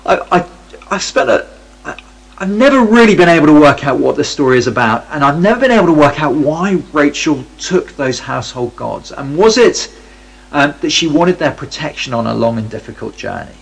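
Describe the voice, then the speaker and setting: A man's voice: on the high side, lively intonation, brisk, creaky, husky, poor audio. A man reading a Bible passage aloud and commenting on it in a conversational, wry way, often stopping to restart his sentences. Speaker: Bible teacher.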